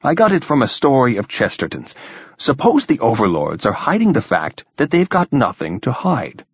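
A man's voice: mid-range voice, wildly swooping pitch, moderate pace, breathy edge, no room sound, exaggerated voice. A man reading the part of an eager young man full of theories, in an earnest, keen manner, in a dull lo-fi recording.

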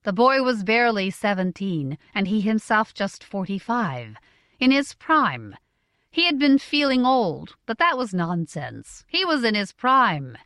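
A woman narrating a novel in a measured, expressive reading. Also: medium pitch, dry recording, clean studio sound. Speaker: audiobook narrator.

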